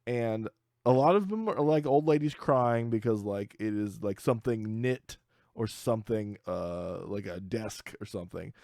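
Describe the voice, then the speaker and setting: A man's voice: fairly low pitch, lively intonation, moderate pace, dark tone, no room sound, clean studio sound. A man co-hosting a podcast in casual chat, rambling and joking, acting out the people he quotes. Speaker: podcast co-host. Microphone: studio mic.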